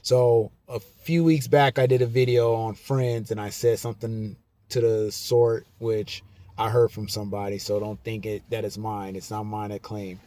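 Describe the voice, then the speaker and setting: Man talking slowly and repeating himself. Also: lowish voice, level tone, mellow, no echo. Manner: slow, repetitive, emphatic. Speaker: vlogger. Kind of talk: casual monologue to camera.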